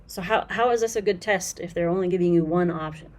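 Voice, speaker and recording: A woman teaching Swahili in a casual lesson commentary, explaining patiently and repeating phrases slowly with fillers, frank about bad translations. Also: fairly low pitch, noisy background.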